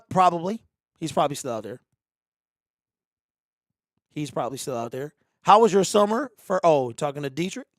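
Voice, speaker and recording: Excitable man hosting a game watch party. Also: a little high, no echo, clean studio sound. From Detroit area. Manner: excitable, exasperated outbursts at plays. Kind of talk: live play-by-play and chat banter. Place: home streaming setup.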